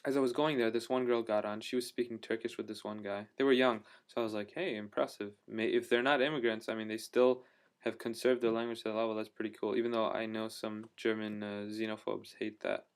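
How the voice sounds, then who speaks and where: A man's voice: on the low side, little pitch movement, fairly quick, smooth. A man telling a travel story in a casual video diary, rambling with lots of fillers and restarts, enthusiastic about what he saw. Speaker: travel vlogger.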